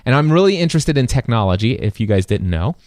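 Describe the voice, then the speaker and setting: Male podcast host, mid-range voice, excitable storyteller, dry studio sound. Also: medium pitch, fast, no echo. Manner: animated, excitable storytelling with many restarts. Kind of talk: casual storytelling chat.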